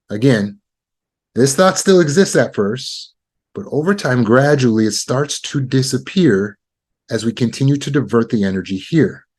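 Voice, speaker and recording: A man teaching self-help in a steady, mid-pitched voice. He explains each step plainly and says his key points again and again. He speaks like someone coaching a group through an exercise. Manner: repetitive, instructive, walks through steps. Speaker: trauma recovery teacher.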